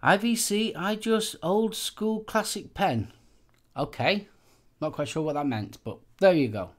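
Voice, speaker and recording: An Englishman hosts a live vaping channel show, chatting casually on the stream in a high, animated voice that moves a little slowly. His talk rambles, packed with fillers and repeated phrases.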